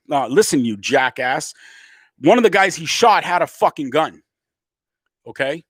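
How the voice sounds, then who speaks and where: Pausing often at a normal pace, a middle-aged man delivers an angry political rant to camera, laced with swearing. The Canadian comedian's medium voice is animated and emphatic, with no room sound.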